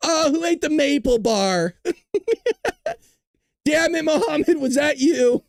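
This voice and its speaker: A man's voice: extremely high pitch, expressive, slow, creaky, slight background noise, voice pushed up, full character voice. A man mocking a group of bumbling male militant planners in a cartoonish, exaggerated voice. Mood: silly, singsong.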